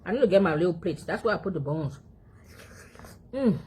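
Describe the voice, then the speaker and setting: A woman's voice: on the low side, lively intonation, fairly quick, mellow, breathy edge. A woman from Africa, chatting casually to her phone and her dog between mouthfuls and humming as she chews. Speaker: vlogger. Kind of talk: casual eating vlog chat.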